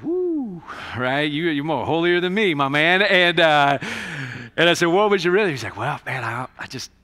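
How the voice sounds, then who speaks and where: A male pastor preaching a conversational sermon in a church, swinging between loud emphatic bursts and hushed, quiet passages. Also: medium pitch, big-room sound. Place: church sanctuary.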